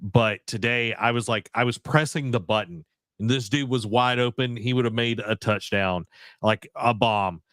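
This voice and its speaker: A man's voice: medium pitch, moderate pace, fairly bright tone, dry recording. Rambling man on a dry close mic. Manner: rambling, many fillers and restarts. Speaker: podcast co-host. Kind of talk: casual chat about video games.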